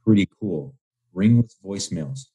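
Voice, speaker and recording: A man in his twenties guests on an interview podcast, his low-pitched voice dark, husky and animated at a moderate pace. He talks loosely and chattily, saying "like" constantly and acting out little phone calls.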